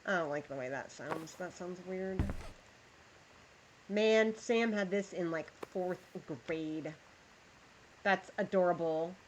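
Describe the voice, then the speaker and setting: A woman's voice: fairly low pitch, takes it slowly, long pauses, slight background noise, rough recording. A woman livestreaming, chatting with her viewers as she plays a game and reads a story aloud. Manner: chatty, talks to chat while playing. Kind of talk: live game commentary and storybook reading.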